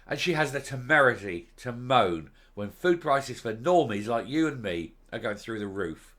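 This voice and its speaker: Man ranting in a bright, forceful voice. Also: mid-range voice, sing-song, normal speed, few pauses. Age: middle-aged. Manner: furious, insulting and mocking, loud outbursts. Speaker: political commentary vlogger. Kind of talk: angry ranting commentary.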